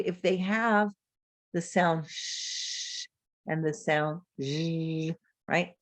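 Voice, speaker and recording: A woman gives a webinar lecture over a video call, her voice sitting slightly low. She models speech sounds aloud slowly and deliberately. The sound is close and dry, with no room echo. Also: a little mellow. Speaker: literacy educator presenting a webinar.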